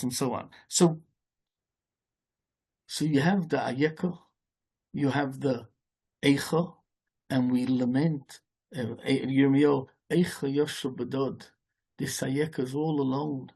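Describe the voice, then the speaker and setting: A rabbi preaches in a loose, halting style, circling back and restarting his phrases. His voice is a man's, husky and a little raspy, and sits somewhat high. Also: a little mellow. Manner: rambling, halting delivery with many restarts, mixing Hebrew and Yiddish terms. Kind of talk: sermon.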